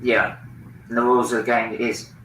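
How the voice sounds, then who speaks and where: A man's voice: mid-range voice, flat delivery, fairly quick, sharp tone, roomy sound, recorded from a distance, slight background noise, low-quality recording. A man hosting a football watchalong stream, opinionated and swearing freely in casual chat.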